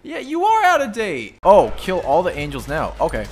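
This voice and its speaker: A man's voice: high-pitched, huge pitch swings, normal speed, noisy background. A man streaming a video game, joking around in playful casual commentary and laughing often.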